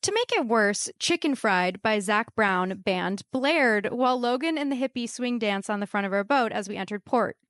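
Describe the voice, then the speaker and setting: A woman telling a comedic true story to a live audience with wry, deadpan asides. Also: fairly high pitch, moderate pace, few pauses, dry recording, studio quality.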